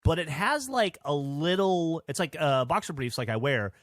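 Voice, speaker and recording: A man's voice: a little high, expressive, normal speed, hardly any pauses, dry recording, studio quality. A man hosting a podcast, telling a story in casual chat with lots of fillers. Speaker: podcast host.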